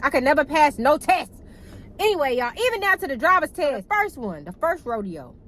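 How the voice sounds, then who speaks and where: A young woman telling a casual storytime to her viewers in a chatty, animated way, cussing freely and calling them y'all. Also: high voice, brisk, slight background noise, rough recording. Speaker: vlogger.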